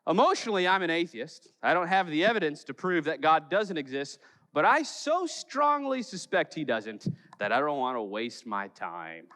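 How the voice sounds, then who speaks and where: A pastor from Chicago preaching a sermon in church, telling stories with jokes and playful acted quotes. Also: male voice, on the high side, big pitch swings, moderate pace, bright, forceful tone, big-room sound. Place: church sanctuary.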